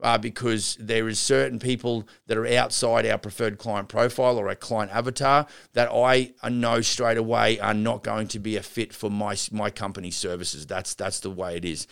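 A man's voice: fairly low pitch, level tone, moderate pace, gravelly, few pauses, fairly bright tone, clean tone. A man hosting a show and coaching contractors in a casual, rambling way, often restarting sentences and calling listeners guys and gals. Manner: rambling, with frequent restarts and asides. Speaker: podcast host and renovation business coach. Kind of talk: casual instructional talk.

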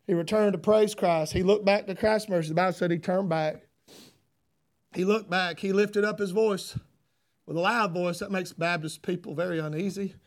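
Loud, high-voiced preacher. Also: male voice, steady tone, normal speed. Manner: loud, folksy, fervent. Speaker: pastor. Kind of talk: sermon.

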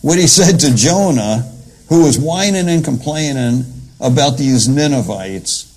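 Gravelly-voiced man preaching folksy. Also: mid-range voice, animated, unhurried, darkish tone, low-quality recording. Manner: folksy, retells scripture in plain everyday talk. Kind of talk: conversational sermon.

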